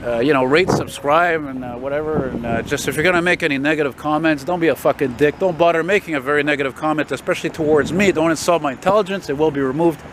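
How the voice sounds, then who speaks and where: A middle-aged man talks in a loose, digressive way, dropping curses as he walks along a windy city street. His voice sits a little on the high side, with faint traffic noise underneath. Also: fast, hardly any pauses. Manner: casual, profane, digressive. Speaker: vlogger. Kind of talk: rambling walk-and-talk monologue.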